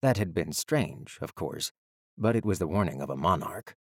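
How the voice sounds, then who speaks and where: A man reading an audiobook in measured, even storytelling narration. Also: low voice, vocal fry, no echo, clean studio sound.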